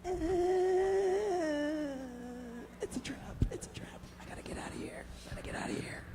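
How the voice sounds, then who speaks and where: A man's voice: a little high, lively intonation, slow, noisy background, voice pushed down. A man playing a panicked young male victim who hides from a killer, yelping frantically, recorded in an echoey hall. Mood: frightened whisper. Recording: echoey hall with faint ambience.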